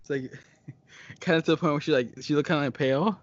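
A man's voice: a little high, quick pace, no room sound. A man co-hosting a casual podcast, telling stories with lots of giggles and "like" fillers. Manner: giggly, filler-heavy storytelling. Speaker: podcast co-host. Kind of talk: casual chat. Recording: dull lo-fi podcast audio.

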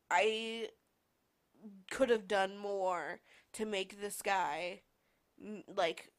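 A young woman in her twenties hosting a podcast, telling a personal story casually with lots of "like" and filler words. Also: medium pitch. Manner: rambling, heavy use of "like" and fillers. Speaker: podcast host.

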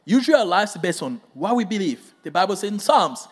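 A man with a high-pitched, brisk voice and a breathy edge preaches a sermon. He tells an animated story, acting out quotes and putting questions to the congregation.

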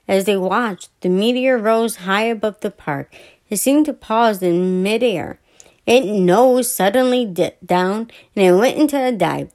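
A woman podcast host reads a children's story aloud in a soft, unhurried way. She trips over words now and then and simply corrects herself, her voice sitting in an ordinary middle range. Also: medium pitch. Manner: soft, stumbling, self-correcting reading.

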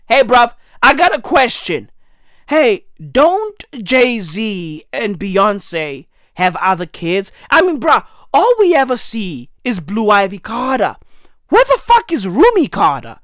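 A woman's voice: on the high side, takes it slowly, dry recording, studio quality. A woman doing a rambling, profane comic monologue, constantly calling the listener "bruv". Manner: animated, rambling, profane, keeps saying "bruv". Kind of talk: comedic monologue.

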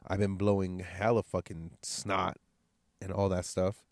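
A man with a low voice and a nose still blocked up from a cold talks straight into the mic, with little room sound around him. He hosts his podcast alone and rambles in a loose, profane, candid way. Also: little pitch movement, measured pace, darkish tone, dry recording, clean studio sound. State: congested, nasal from a cold. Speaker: podcast host. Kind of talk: casual solo podcast monologue.

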